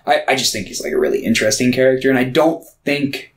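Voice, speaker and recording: A man's voice: medium pitch, sing-song, fast talker, gravelly. A man co-hosting a casual podcast, rambling with lots of fillers and casual swearing. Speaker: podcast co-host. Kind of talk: casual chat.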